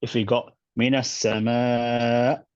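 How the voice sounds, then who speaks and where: A male teacher explaining recitation rules in a casual online class, relaxed and chatty with many fillers and restarts. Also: mid-range voice, takes it slowly, smooth, no room sound, lo-fi sound.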